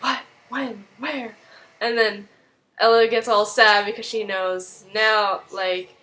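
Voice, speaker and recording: A woman's voice: mid-range voice, fairly bright tone, low-quality recording. A young woman casually retelling a TV episode, rambling and full of fillers. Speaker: video recap host.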